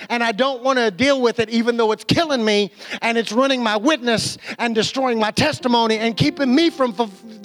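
A man preaching a sermon as a pastor, animated, with restarts and quotes he acts out. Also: very high-pitched.

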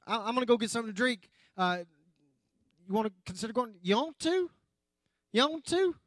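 A man putting on the slow, plainspoken voice of a rural farmer with a drawl. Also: very high-pitched, sing-song, fairly bright tone, no room sound, exaggerated voice.

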